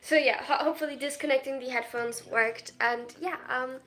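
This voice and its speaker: A woman's voice: high voice, steady tone, normal speed, pushed and bright. A 22-year-old woman from Germany, live-streaming at home and reading viewer comments aloud. She talks in a shy, self-conscious way, with hesitant restarts and nervous laughs.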